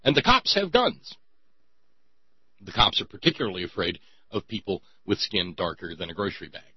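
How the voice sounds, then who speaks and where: A man's voice: lowish voice, huge pitch swings, moderate pace, slightly rough, dry recording, dull audio. A man hosting a talk radio show, giving sarcastic commentary with sighs and stammered repeats.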